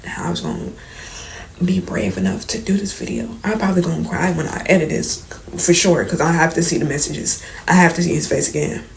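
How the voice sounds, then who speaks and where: Shaky young woman, soft and gravelly. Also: fairly low pitch, lively intonation, fairly quick, a little hiss or hum, poor audio. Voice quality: soft, trembling at times, drops to near whispers. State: holding back tears, shaky. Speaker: vlogger. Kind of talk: emotional storytime confession. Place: indoors, late at night.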